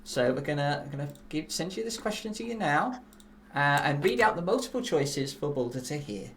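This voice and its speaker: A woman's voice: low-pitched, lively intonation, normal speed, slight background noise. A woman hosting a comedic dating game in a bubbly, gushing way. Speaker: host.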